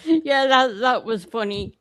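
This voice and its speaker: A woman's voice: a little high, lively intonation, measured pace, a bit bright, no echo, studio quality. A woman on a podcast panel making enthusiastic, laughing asides in a casual fan-show discussion.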